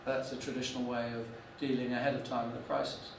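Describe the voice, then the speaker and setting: A man's voice: medium pitch, level tone, fast, slight background noise. A man lecturing a class, telling a business story with many restarts and fillers. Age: 40s. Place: lecture room. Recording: echoey room, mic from a distance.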